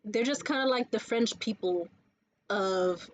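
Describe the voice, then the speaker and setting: A woman talking in a casual life-update vlog, telling stories in a lively, profane way from a room indoors. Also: medium pitch, a little slow, poor audio. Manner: profane, animated storytelling. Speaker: vlogger.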